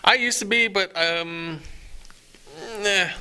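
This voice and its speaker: A man co-hosting a laid-back podcast, talking in loose, halting sentences full of restarts. His voice sits a little high and sounds very bright and forward. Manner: rambling, halting with many restarts. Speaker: podcast co-host. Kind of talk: casual chat.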